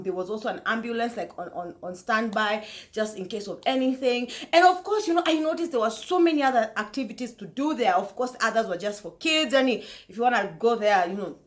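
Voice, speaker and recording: A woman hosting a talk show, telling a story casually to her viewers in an animated way, often laughing. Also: fairly high pitch. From Kenya.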